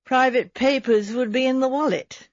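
A woman's voice: sits high, normal speed, dry recording, muffled recording, voice pushed up. A woman narrator voicing a stout, florid middle-aged man who is falsely hearty and pushy, read for an audiobook.

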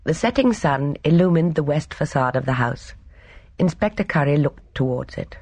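Expressive audiobook narrator, dry close sound. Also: mid-range voice, normal speed, no room sound. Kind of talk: audiobook reading.

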